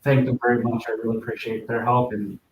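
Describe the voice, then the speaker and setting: A man's voice: mid-range voice, flat delivery, fast talker, slight background noise. A man hosting a user group meeting, welcoming the audience in a friendly, self-deprecating, joking way. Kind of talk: welcoming a live meetup. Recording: echoey room from far off.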